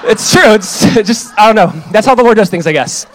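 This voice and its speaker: A young man preaching a sermon as pastor, telling a personal story in an animated, conversational way. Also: high-pitched, a little fast. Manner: animated storytelling, voices others in quotes.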